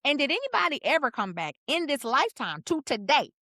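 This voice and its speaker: A woman co-hosting a podcast, telling personal stories in a casual, animated way with sudden pitch jumps for emphasis. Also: a little fast, no echo, clean studio sound. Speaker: podcast co-host. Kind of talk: casual conversational storytelling.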